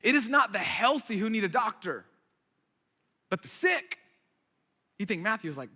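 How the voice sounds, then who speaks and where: A man's voice: sits high, expressive, normal speed, long pauses, bright, forceful tone. A man preaching a sermon as a pastor, conversational and emphatic with playful asides. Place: church hall. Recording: reverberant hall.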